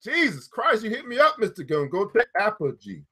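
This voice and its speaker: A man reading a book aloud to his listeners and stopping to comment, excitable and quick to whoop and laugh. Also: sits high, breathy edge. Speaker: book reader and host.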